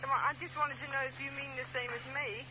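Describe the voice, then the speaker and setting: A woman's voice: high-pitched, steady tone, fast talker, pushed and bright, a little hiss or hum, rough recording. A woman calling in to a radio show, asking her question in a polite, earnest way. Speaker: radio caller.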